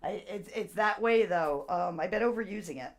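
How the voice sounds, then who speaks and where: A woman's voice: mid-range voice, moderate pace, a little hiss or hum. A woman chatting loosely with viewers on her live stream as a seller. She rambles from one thing to the next and laughs often as she talks.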